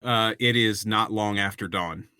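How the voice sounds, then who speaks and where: A man narrating a tabletop game, pausing on ums as he sets each scene. His voice is low but bright, recorded close and dry. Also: clear, resonant tone, no room sound. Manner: descriptive, with frequent ums and restarts. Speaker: game master.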